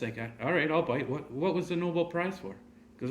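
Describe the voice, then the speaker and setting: A man's voice: fairly high pitch, quick pace, a little hiss or hum. Man telling a joke. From Ontario, Canada. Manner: relaxed storyteller with frequent fillers and throat clearing. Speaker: host. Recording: echoey room.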